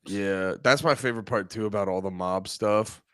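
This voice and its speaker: A man's voice: lowish voice, normal speed, fairly bright tone, no echo, studio quality. A man in casual stream chat, rambling and cursing, acting out quotes in mock voices. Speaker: co-host.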